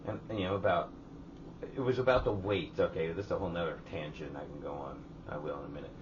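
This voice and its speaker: A man's voice: deep voice, fairly even intonation, fast talker, recorded from a distance, highs cut off, noisy background. A man co-hosting a casual podcast from his garage, telling long profane stories, acting out other people's lines, hot and sweating. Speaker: podcast co-host. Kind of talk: casual chat. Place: home garage.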